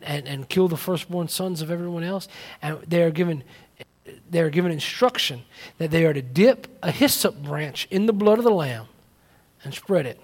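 A man preaching a sermon. He moves from quiet reflective talk to loud emphatic preaching, repeating key phrases and restarting. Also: fairly high pitch. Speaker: pastor.

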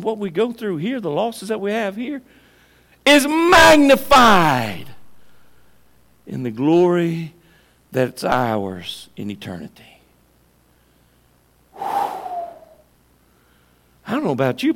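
A man preaching a sermon, swinging from hushed, slow lines to loud, emphatic ones. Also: high-pitched, huge pitch swings, long reverb tail.

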